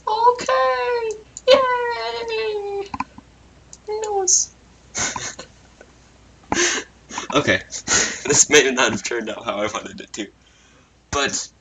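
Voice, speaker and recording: Man narrating a doodle story into a computer mic, slow and low, rambling with muttered asides, faint hiss behind. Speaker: video creator. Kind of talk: casual narration while drawing.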